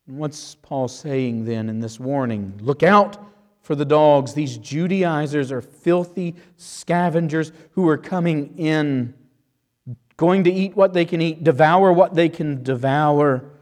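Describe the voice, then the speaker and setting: A man's voice: on the high side, a little mellow. A man preaching an expository sermon, emphatic and driving his points home with rhetorical questions. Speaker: pastor.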